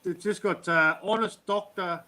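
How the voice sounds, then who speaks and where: A man's voice: high voice, steady tone, a little slow, sharp tone. A man with a Maori New Zealand accent, chatting casually on a call as co-host and calling people "mate". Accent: Maori New Zealand English. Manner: laid-back, says "mate" a lot. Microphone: call audio.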